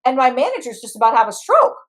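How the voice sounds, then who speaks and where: A woman's voice: sits high, very animated, fast. A middle-aged woman, an IFS practitioner, telling a story in conversation and acting out her inner parts in quoted voices.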